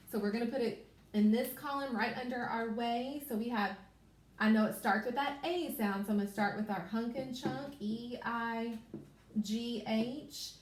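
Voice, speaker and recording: A first grade teacher with a Kentucky accent gives a reading lesson to young children, sounding out letters slowly and clearly. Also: female voice, a little high, reverberant.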